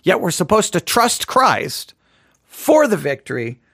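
A man's voice: sits high, sing-song, a little slow, a bit bright, dry recording, clean studio sound. A man hosting a casual Christian podcast, talking in a rambling, self-deprecating way with many restarts. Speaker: podcast host.

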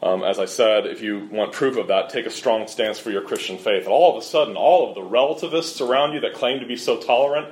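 A middle-aged man preaching a sermon with earnest, emphatic delivery and lively storytelling. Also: mid-range voice, a little fast, hardly any pauses. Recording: roomy echo.

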